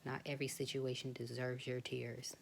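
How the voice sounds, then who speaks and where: A young woman talking frankly and casually to camera about parenting, often dropping into a soft whisper. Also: very deep voice, flat delivery, moderate pace, creaky, a little hiss or hum. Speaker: vlogger. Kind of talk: casual personal talk to camera.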